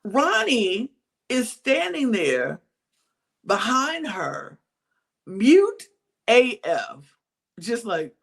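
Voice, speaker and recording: This podcast co-host has a medium-pitched voice that is creaky and slightly rough, speaking extremely slowly and pausing often. In a casual reality TV recap, they tell stories animatedly and act out quotes.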